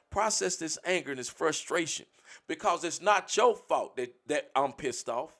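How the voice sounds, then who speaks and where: A man's voice: high-pitched, vocal fry, a bit bright. A man on a livestream, speaking bluntly and profanely, lecturing his community in a preachy rant.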